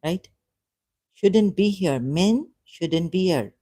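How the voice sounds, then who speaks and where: A woman on a live stream, thinking aloud in a halting, hesitant way and correcting herself as she goes. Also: lowish voice, expressive, dark tone, dry recording.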